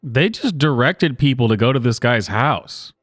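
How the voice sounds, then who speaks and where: A man's voice: medium pitch, expressive, normal speed, no room sound, studio quality, soft background music. A man doing sarcastic reaction commentary, sardonic and incredulous, with chuckling asides. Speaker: online commentator.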